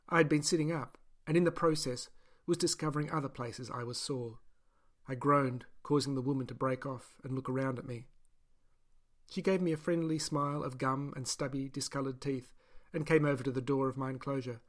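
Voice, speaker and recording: A man reading a first-person novel as an audiobook narrator, in a steady, measured way. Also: mid-range voice.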